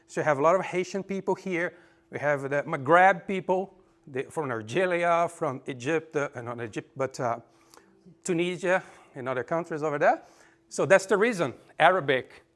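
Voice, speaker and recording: A man giving a conference talk, reading figures off slides with frequent fillers and pauses. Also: a little high, a bit bright. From Brazil. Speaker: conference presenter. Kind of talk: lecture with slides. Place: conference room.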